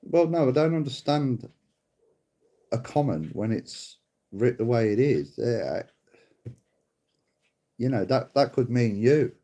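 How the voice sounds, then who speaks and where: A man's voice: medium pitch, lively intonation, takes it slowly, pauses often, warm tone. A middle-aged man hosting a livestream, casually bickering and swearing at a viewer, calling him mate. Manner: bickering, sweary, mocking, calls people mate. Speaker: livestream host.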